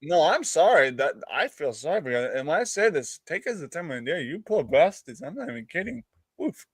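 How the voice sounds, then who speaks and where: A man's voice: on the high side, very animated, fairly quick, slightly rough, no room sound. A man hosting a live-streamed chat show, telling a long rambling story, laughing often and acting out what other people said. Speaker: podcast host.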